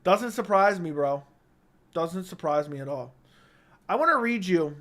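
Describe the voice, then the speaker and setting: Blunt, high-voiced man hosting a stream. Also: lively intonation, fairly bright tone. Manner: blunt, opinionated, quick verdicts. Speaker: livestream host reading viewer comments. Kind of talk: casual livestream chat. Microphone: studio microphone.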